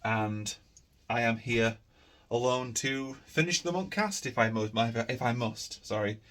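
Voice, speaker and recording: A man's voice: medium pitch, measured pace, fairly bright tone. A tired man, chatting casually to camera in a rambling, easygoing vlog. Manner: rambling, easygoing, many fillers. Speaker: vlogger.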